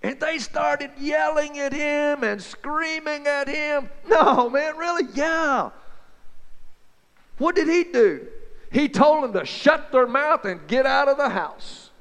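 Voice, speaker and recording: High gravelly man telling Bible stories. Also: slow pace, long reverb tail. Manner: folksy, excited back-and-forth chatter. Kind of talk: two-voice dramatized Bible storytelling.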